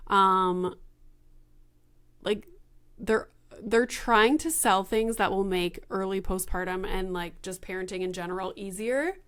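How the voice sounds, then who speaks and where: A woman's voice: medium pitch, steady tone, measured pace, fairly bright tone, clean tone. A young adult woman hosting a solo podcast, talking casually and frankly with swearing and many fillers. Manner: frank and chatty, swears freely. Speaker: podcast host.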